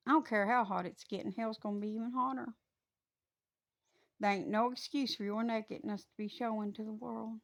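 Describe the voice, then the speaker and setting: A woman delivering a stern, scolding preaching monologue that rises into loud, fiery preaching. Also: mid-range voice.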